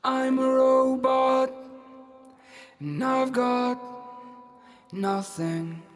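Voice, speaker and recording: A singer slowly performing a song over guitar, with the vocal run through a robotic pitch-correction effect. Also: big-room sound. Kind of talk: singing a song.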